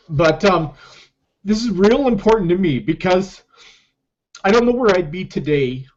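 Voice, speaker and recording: A man's voice: high voice, lively intonation. Emotional man telling his comeback story. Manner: emotional, halting, repeats himself. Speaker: network marketer sharing his story. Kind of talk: personal testimonial vlog. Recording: dull lo-fi recording.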